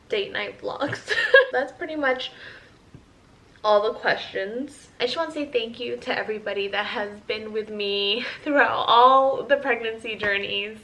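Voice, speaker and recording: A woman's voice: mid-range voice, gravelly, sharp tone, rough recording. A pregnant woman in her thirties, a mom vlogger chatting candidly with her viewers in a casual Q&A update.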